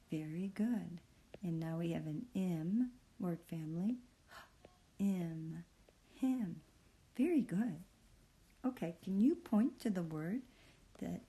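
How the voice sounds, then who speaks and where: Woman, phonics teacher, warm dark tone, slow delivery, gentle and encouraging. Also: fairly low pitch. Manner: patient, encouraging, sounds out words slowly. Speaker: reading teacher. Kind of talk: phonics reading lesson.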